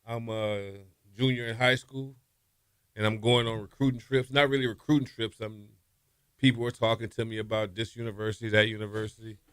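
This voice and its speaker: This interview guest, a middle-aged former college quarterback, has a clear, resonant voice and talks a little fast, recorded in studio quality with no room sound. He relates stories with animation, frequently laughing and imitating people's words in a raised pitch.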